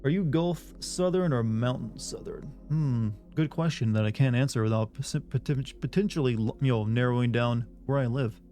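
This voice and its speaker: A man's voice: mid-range voice, normal speed, few pauses, mellow, soft background music. Rambling male streamer chatting with viewers. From US South. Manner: rambling, reads chat aloud and answers. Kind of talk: casual live-stream chat.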